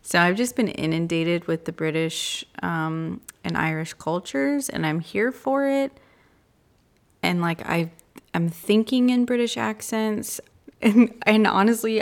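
A woman co-hosting a podcast in casual chat, rambling and laughing often. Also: on the low side. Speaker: podcast co-host.

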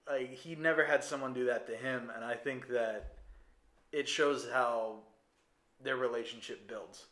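A man co-hosting a casual podcast chat about a film, telling scenes with lively energy and acting out the characters' lines. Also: mid-range voice, measured pace. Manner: animated storyteller who acts out scenes. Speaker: podcast co-host. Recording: roomy echo.

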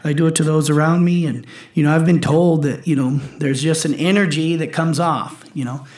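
A man's voice: on the high side, fairly even intonation, normal speed, a little mellow, reverberant. A man in his forties, a powerlifter and coach, talking intensely in casual chat, swearing and acting out his own quotes. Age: 40s.

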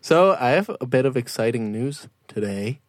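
A man's voice: medium pitch, expressive, normal speed, dry recording. A man hosting a casual podcast, upbeat and joking as he chats with his co-hosts. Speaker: podcast host.

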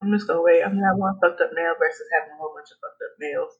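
A woman's voice: lowish voice, steady tone, very fast, husky. A woman co-hosting a podcast in casual chat, blunt and profane, laughing often. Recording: dull lo-fi recording.

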